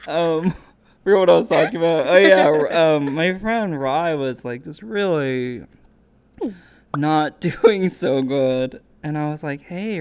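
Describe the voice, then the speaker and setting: A young woman streamer talking casually, animated and laughing, who now and then squeaks into quoted voices. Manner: animated storyteller, laughs often, jumps to squeaky voices when quoting. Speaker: interviewer, streamer.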